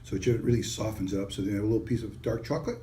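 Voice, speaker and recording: A man with a fairly low voice leads a wine tasting in a relaxed, upbeat sales manner, praising each pairing as he goes. A faint hiss of noise sits under his voice. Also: racing. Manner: enthusiastic, casual sales pitch with frequent praise. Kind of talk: product tasting demonstration.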